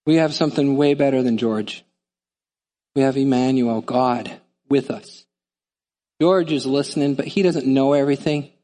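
A man preaching a sermon in a lively, conversational way, often acting out voices. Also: medium pitch, normal speed, long pauses, long reverb tail. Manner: animated, conversational, acts out voices. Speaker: pastor.

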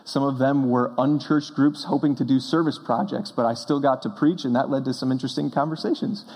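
A man's voice: medium pitch, fairly even intonation, a little fast, a little mellow. Earnest young male preacher in reverberant hall. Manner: earnest, storytelling preacher with emphatic bursts. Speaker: pastor. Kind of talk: sermon. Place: church sanctuary.

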